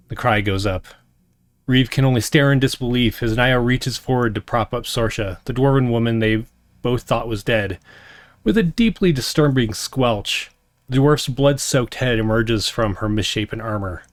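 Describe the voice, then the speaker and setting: A man hosting and narrating a solo tabletop game on a stream in a slow, deliberate storytelling voice. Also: on the low side, no room sound. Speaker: game master and host.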